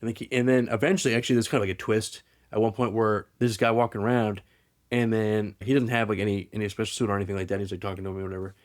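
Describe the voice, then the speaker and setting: A man hosting a podcast, retelling a story in casual chat, rambling and animated with lots of restarts. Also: lowish voice, rapid-fire. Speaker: podcast host.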